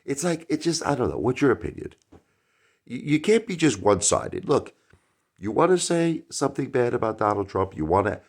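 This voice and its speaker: A middle-aged man hosting his own channel, talking casually in a rhetorical opinion monologue that swings from loud outbursts to muttered asides. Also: deep voice. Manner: animated, rhetorical, jumps between loud and mumbled asides. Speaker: YouTube channel host.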